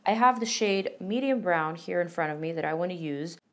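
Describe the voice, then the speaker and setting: A woman's voice: fairly low pitch, lively intonation, fairly quick. A young woman beauty vlogger chatting enthusiastically through a makeup tutorial and product review, with playful asides.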